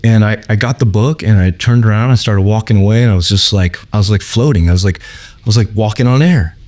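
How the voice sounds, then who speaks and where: A man's voice: fairly low pitch, quick pace, darkish tone. A man hosting his show, telling a personal story in a loose, rambling way full of fillers. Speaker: host. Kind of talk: casual storytelling.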